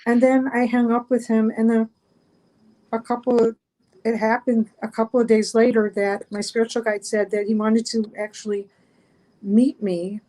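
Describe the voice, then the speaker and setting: Mellow rambling woman telling a story. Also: a little high, little pitch movement, normal speed, poor audio. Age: middle-aged. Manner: rambling, many fillers and restarts. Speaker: guest. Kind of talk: casual storytelling. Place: online video chat show.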